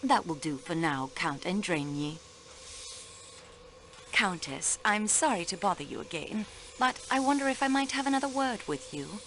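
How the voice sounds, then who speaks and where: An actress playing a sharp young female railway clerk questioning suspects in a video game, precise and polite. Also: mid-range voice, lively intonation, moderate pace, slight background noise. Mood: probing.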